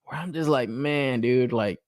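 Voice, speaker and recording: A man's voice: medium pitch, a little slow, a little mellow, dry recording, clean studio sound. A man co-hosting a casual podcast, talking bluntly and incredulously, laughing often and swearing freely. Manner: blunt, incredulous, laughs often, mocks others' hype in exaggerated voices. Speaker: podcast co-host reviewing action figures. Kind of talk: casual profane chat.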